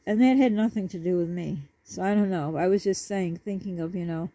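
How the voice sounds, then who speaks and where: A woman's voice: lowish voice, brisk, warm tone, dry recording. A woman vlogger talking to her viewers in a rambling, apologetic way. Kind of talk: casual chat to camera. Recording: dull lo-fi dry recording.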